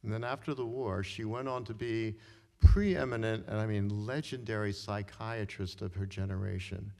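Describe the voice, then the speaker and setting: A middle-aged man telling a personal story live on stage, talking conversationally and often tagging his sentences with "right?" and clearing his throat. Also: lowish voice, fairly even intonation, moderate pace, warm tone. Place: stage in a hall before an audience. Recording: long reverb of a hall.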